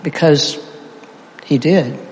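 Speaking slowly in a higher-pitched voice, a middle-aged man leads an interactive sermon, playfully guiding the crowd through call-and-response. The echoey hall carries faint ambience and a bit of background noise.

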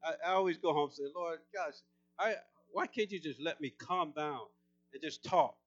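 A man preaching a sermon, shouting with intensity at times and then talking calmly and confrontationally. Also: a little high, normal speed, no echo, dull audio. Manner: intense, shouting preaching that drops to calm talk.

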